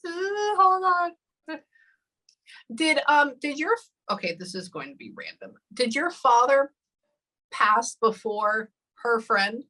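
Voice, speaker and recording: A woman's voice: fairly high pitch, expressive, pushed and bright, rough recording. A woman working as a psychic medium during a live reading session, often stopping to say hold on and um. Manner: halting, often pausing with hold on and um.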